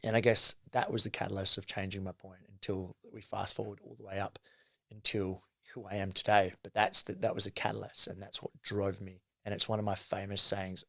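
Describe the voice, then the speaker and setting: A man's voice: fairly low pitch, flat delivery, fairly quick, creaky, a bit bright, no room sound. A young man in an interview, telling his life story candidly and earnestly, swearing freely and using lots of fillers. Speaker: guest, mindset coach.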